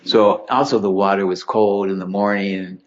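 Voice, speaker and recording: A man's voice: deep voice, steady tone, normal speed. A man giving a humorous talk, telling anecdotes with chuckles and acting out the people in them. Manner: witty, chuckling storyteller acting out quotes. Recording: dull lo-fi recording.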